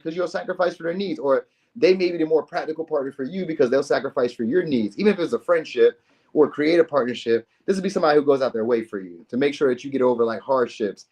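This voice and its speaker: A man's voice: fairly high pitch, a little mellow. A man giving a casual tarot reading to camera, chatty and slangy, swearing freely and acting out what people might say. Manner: loose and chatty, slangy, swears, acts out quoted lines. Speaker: tarot reader.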